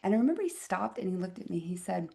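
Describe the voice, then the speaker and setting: A woman physician in her fifties, a podcast guest telling a personal story in a reflective, expressive way with wry asides. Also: medium pitch, fast, vocal fry. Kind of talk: conversational interview storytelling.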